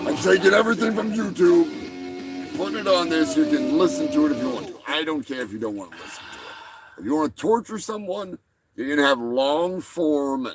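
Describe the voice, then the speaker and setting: A man hosting a comedy livestream, talking in a rambling, crude and profane way. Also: on the high side. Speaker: show host. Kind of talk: casual comedic livestream talk.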